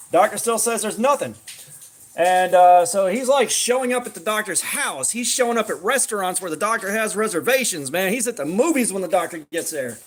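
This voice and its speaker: A man's voice: sits high, animated, normal speed. A man casually telling a crude joke with slang and fillers while crafting at home. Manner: loose, profane storytelling with slang and fillers. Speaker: crafting streamer.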